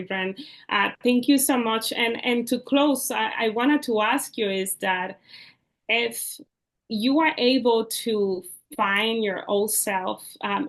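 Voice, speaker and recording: A woman's voice: mid-range voice, a bit bright. A woman hosting a podcast interview, who speaks hesitantly with many fillers. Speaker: podcast host. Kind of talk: casual interview.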